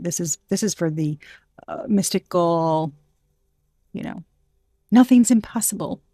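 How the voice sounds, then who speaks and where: A woman's voice: on the low side, a little mellow, no echo, studio quality. A woman giving an intuitive tarot reading, thinking aloud in a rambling, hesitant way with many restarts and a playful streak. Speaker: tarot reader.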